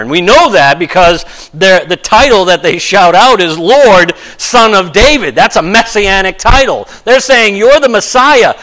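A male pastor with a high-pitched voice delivers a conversational sermon, lively and self-deprecating. He acts out quotes with sudden changes of voice, and the recording is rough.

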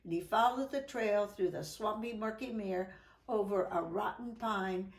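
A woman reading a children's picture book aloud in an animated, sing-song storytelling voice, with voiced exclamations and howls. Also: mid-range voice, unhurried, reverberant.

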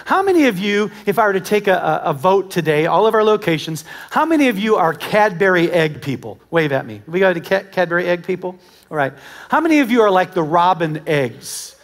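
A high-voiced American man in middle age preaches to his congregation. He tells animated stories, acting out the dialogue, and his voice swings from loud invitations down to hushed asides. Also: fairly quick. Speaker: pastor. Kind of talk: sermon. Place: church auditorium with live congregation.

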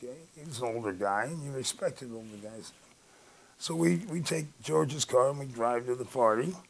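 A man's voice: medium pitch, normal speed, rough recording. A former ballplayer telling a rambling anecdote in an interview, acting out the dialogue as he goes. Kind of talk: storytelling interview.

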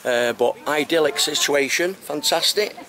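A man's voice: fairly high pitch, normal speed, pushed and bright. An Englishman with an English accent chatting enthusiastically while filming a handheld travel vlog outdoors. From England. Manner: chatty, enthusiastic, keeps saying fantastic. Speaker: travel vlogger. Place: outdoors on a tropical island, beaches and roadside. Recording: noisy outdoor camera audio.

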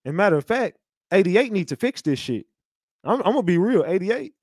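Heated guy ranting on his livestream, aave, kinda high voice, dry mic. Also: very animated, a little fast, a little mellow, breathy edge, no room sound. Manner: blunt, heated, repetitive restarts. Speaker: livestream host. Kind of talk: casual livestream monologue.

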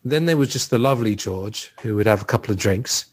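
Male podcast host, low-pitched, loose and chatty delivery. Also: lively intonation, brisk, darkish tone. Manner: chatty, thinks aloud with many fillers. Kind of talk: casual podcast conversation.

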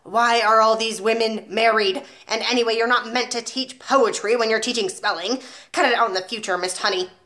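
A monstrous schoolmistress from a storybook, all snapping orders and sarcasm, played by a woman reader. She bellows insults at small children with heavy scorn. The voice sits somewhat high. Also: steady tone, brisk, bright, forceful tone. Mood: scornful. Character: huge, brutal, sarcastic headmistress.

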